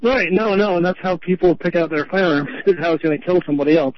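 A man from Vermont calls into a radio show and rambles on earnestly in a chatty way. His voice sits high for a man and comes through a tinny telephone line. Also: fast. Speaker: caller. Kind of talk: phone-in radio talk.

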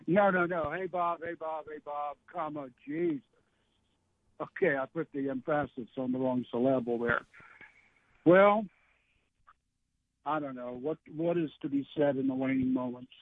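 Man in his 60s, caller, slightly high and gravelly, wry rambling delivery over a phone line. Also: big pitch swings, measured pace, long pauses, dry recording. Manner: rambling, wry storyteller with restarts. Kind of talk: call-in radio chat.

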